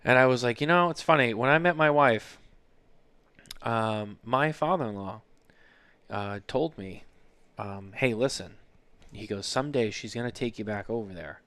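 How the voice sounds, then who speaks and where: Guy hosting a chill podcast, rambles thru stories, swears a lot, mid pitch, dry close sound. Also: moderate pace, pauses often, a bit bright, smooth, no echo. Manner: rambling storyteller, swears freely. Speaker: podcast host. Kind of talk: casual chat.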